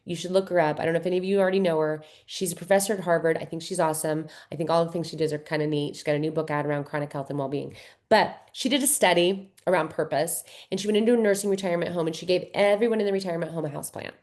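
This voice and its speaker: A woman giving a slide presentation to caregivers in a folksy, conversational way, asking gentle coaching questions and often tagging on "right?". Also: on the low side, fairly even intonation, rapid-fire. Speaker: workshop speaker for caregivers.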